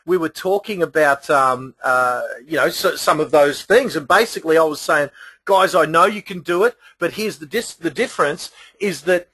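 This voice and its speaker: Husky, high-voiced Australian host. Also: male voice, moderate pace, bright, forceful tone, dry recording. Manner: enthusiastic, promotional. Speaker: host, sales trainer. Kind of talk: hosting a webinar.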